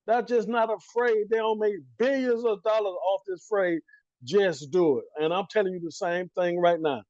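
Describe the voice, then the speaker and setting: A man's voice: sits high, steady tone, normal speed, darkish tone, no room sound, muffled recording. A man giving a motivational pep talk as a coach, preachy and full of slang, repeating his key lines and asking and answering his own questions. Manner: casual slang, talks straight at the listener.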